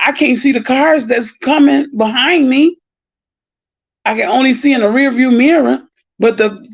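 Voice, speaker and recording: Middle-aged woman ranting on a live stream, super gravelly husky voice, dull lo-fi sound. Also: sits high. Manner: animated, exclaiming, long-winded. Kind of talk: casual storytelling monologue.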